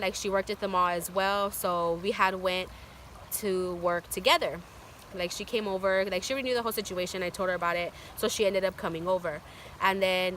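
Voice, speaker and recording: Bright-voiced young woman telling a story. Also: medium pitch, slight background noise. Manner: chatty, filler-heavy with constant "like". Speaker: vlogger. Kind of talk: casual storytime.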